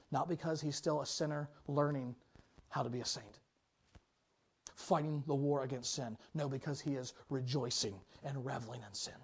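A man preaching a sermon as pastor, telling stories with big swings in pitch and loudness, then dropping low and quiet to urge his listeners. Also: slightly rough. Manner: drops to a low, quiet, earnest tone for exhortation.

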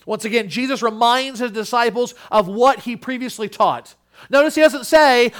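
A male pastor preaching a sermon, earnest, dropping to a hush and then rising to emphatic peaks, acting out the quoted voices. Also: very high voice, moderate pace.

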